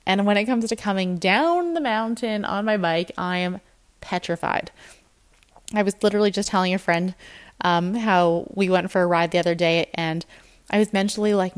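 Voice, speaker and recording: A woman's voice: mid-range voice, moderate pace. A woman fitness and nutrition coach giving a casual motivational talk, candid and encouraging, acting out her own inner voice.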